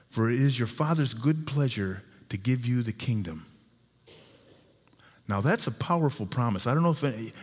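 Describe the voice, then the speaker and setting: A man preaching a sermon as pastor, earnest, repeating and slowing down key lines for emphasis. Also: mid-range voice, a little mellow, breathy edge. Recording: long hall reverb.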